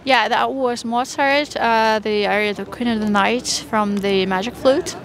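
A woman's voice: a little high, fairly even intonation. Chatty woman street singer amid crowd. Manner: quick, with many fillers. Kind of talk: casual interview answers. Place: busy outdoor street.

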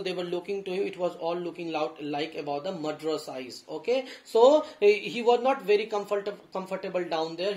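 Male teacher, high voice, reads and explains a story in class with halting restarts. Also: a little mellow. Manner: reads a passage, then paraphrases it with halting restarts. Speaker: school teacher.

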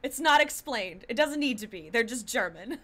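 A woman's voice: fairly high pitch, animated, moderate pace, fairly bright tone. A young adult woman streaming a visual novel, playfully chatting and reading its lines aloud. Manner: playful, giggly, chatty commentary.

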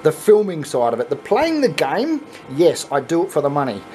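Excitable Australian man, casual vlog. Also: on the high side, normal speed, slight background noise, rough recording. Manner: excitable, laughing, swears casually. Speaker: channel host. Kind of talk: casual video chat to viewers.

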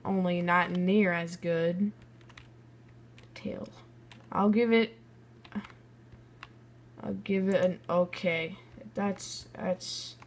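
Young female gaming creator, unhurried and blunt, judging builds with faint noise underneath. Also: fairly low pitch. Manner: chatty, blunt rating of builds. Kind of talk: casual game commentary.

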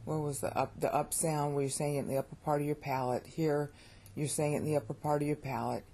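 Low, mellow american woman explaining pronunciation casually, repeats herself, bit of hiss behind. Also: fairly even intonation, fast. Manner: opinionated, repeats words while thinking aloud. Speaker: language teacher. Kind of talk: informal lesson on pronunciation.

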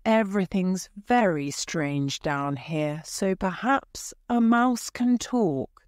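A woman's voice: mid-range voice, animated, takes it slowly, a little mellow, no room sound, clean studio sound. A woman voicing a polite, curious young girl in a storybook reading, speaking in a wondering, courteous manner.

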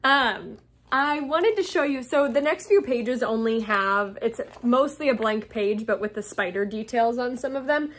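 A woman's voice: a little high, a little slow. Chatty woman reading a book aloud. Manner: chatty asides between passages. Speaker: teacher. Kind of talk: reading a novel aloud to a class.

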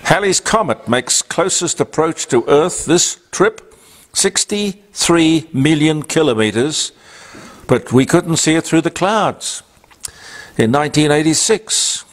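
A man's voice: a little high, animated, takes it slowly. An older man with an Australian accent hosting a talk show, reading on-this-day items with rambling asides and fillers. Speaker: radio talk host. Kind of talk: casual on-this-day segment.

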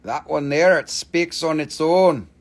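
A man hosting a live stream selling crystals, with excitable, profane sales patter. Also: a little high, measured pace.

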